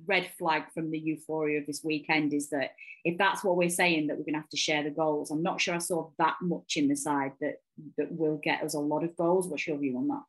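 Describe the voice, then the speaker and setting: Low-voiced woman hosting a football podcast. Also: a bit bright, rough recording. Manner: hesitant, lots of ums, laughs easily. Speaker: podcast host. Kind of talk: casual football podcast chat.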